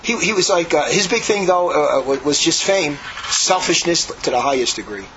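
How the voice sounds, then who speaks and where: A man in a religious order tells a long, meandering story, jumping in pitch whenever he gets worked up. His voice sits somewhat high for a man. The recording is dull and lo-fi, with a faint hiss underneath. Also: moderate pace. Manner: animated, rambling, acts out quotes. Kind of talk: conversational storytelling.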